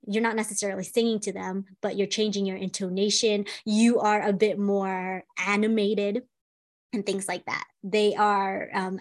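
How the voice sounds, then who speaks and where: A woman, a speech-language pathologist and mother, explains child language tips in a casual podcast chat, pausing often with "um". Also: mid-range voice. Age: adult, a parent. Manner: explanatory, with frequent "um" pauses.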